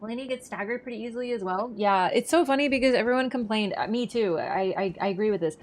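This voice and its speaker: A woman's voice: a little high, fast talker. Chatty young woman streaming a game. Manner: chatty, rambling and excitable, with sudden swearing outbursts. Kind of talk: live gameplay commentary. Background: game music.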